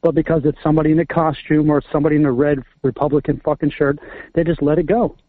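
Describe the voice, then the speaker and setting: A man's voice: fairly high pitch, flat delivery, fast talker, no room sound. A man calling in to a talk show, talking bluntly and with exasperation, cursing now and then. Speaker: caller. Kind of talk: casual chat. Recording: tinny phone line.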